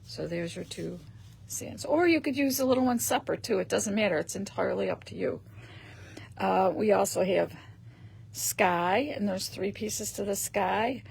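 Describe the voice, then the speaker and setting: A woman hosts a live stream, chatting casually while showing off paper craft pieces and clearing her throat often. Her voice is medium in pitch and her pace is normal.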